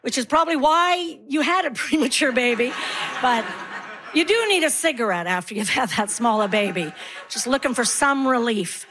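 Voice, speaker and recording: A woman's voice: sits high, normal speed. A woman in her sixties doing a stand-up comedy set, telling stories and acting out other people's voices. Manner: animated storytelling, acts out voices.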